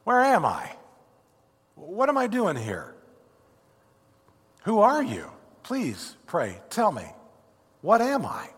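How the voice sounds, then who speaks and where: An awed, bewildered thief asks who and where he is, as a preacher reads him. His voice sits fairly high and swings widely in pitch. A long reverb trails behind it. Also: wildly swooping pitch, slow, pauses often, husky, full character voice. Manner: wondering, questioning. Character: newly redeemed male thief, awed and bewildered.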